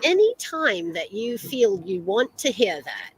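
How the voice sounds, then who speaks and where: American woman, podcast co-host, chatty and meandering, mid pitch. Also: sing-song, a little slow, husky, no room sound, poor audio. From United States. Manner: rambling, many fillers and restarts. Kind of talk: casual chat.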